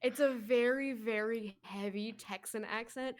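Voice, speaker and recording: A woman's voice: on the high side, fairly even intonation, unhurried, few pauses. An American woman chatting casually on a game stream, rambling with lots of fillers and restarts. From United States. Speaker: co-streamer guest.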